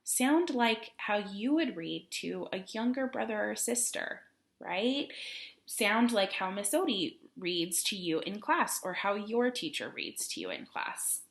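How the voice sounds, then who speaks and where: A woman teacher giving a recorded reading lesson for children, expressive and encouraging, asking questions along the way. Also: medium pitch, measured pace, vocal fry.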